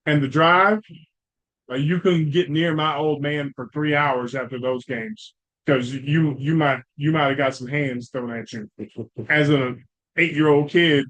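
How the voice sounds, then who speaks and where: A man's voice: on the high side, a bit bright, poor audio. Profane, ranting sports podcast man. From Cleveland, Ohio. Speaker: podcast host. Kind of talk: casual sports talk.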